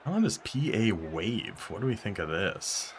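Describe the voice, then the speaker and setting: Gaming YouTuber, male, lower voice, running self-commentary over gameplay with a faint hiss of noise. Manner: talks to himself while playing, quick bursts of excitement and frustration.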